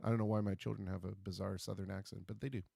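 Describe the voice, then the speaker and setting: A man's voice: on the low side, flat delivery, rapid-fire, gravelly, mellow, breathy edge, dry recording, clean studio sound. Jokey man hosting a livestream. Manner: jokey, self-deprecating, punning asides. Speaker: livestream host. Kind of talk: casual livestream chat.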